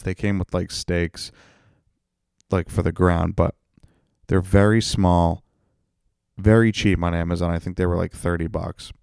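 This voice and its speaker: A man's voice: low-pitched, vocal fry, darkish tone, no room sound, studio quality. A man hosting a comedy podcast, venting in a profane, ranting casual monologue.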